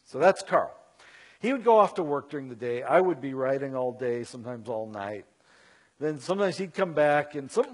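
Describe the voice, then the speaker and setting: A middle-aged man telling a story to a live audience in an animated, conversational way with self-mocking asides. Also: medium pitch.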